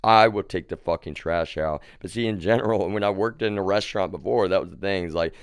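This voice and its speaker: Low, smooth-voiced man ranting on stream. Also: a little fast, no room sound, studio quality. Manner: agitated, profane, repeats "y'all" and "like". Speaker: live streamer. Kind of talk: rambling live-stream rant. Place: home.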